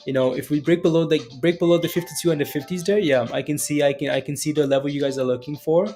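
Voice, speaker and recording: A man's voice: fairly high pitch, fairly even intonation, quick pace, mellow. A man casually chatting with his livestream audience about crypto prices, answering comments and often tagging his sentences with "right?". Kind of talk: casual chat reading live comments.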